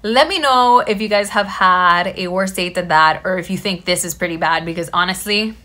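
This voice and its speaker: A woman's voice: fairly low pitch, normal speed. A woman in her thirties, a vlogger telling a story casually to camera and acting out the quotes. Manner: animated, quotes people in her own voice.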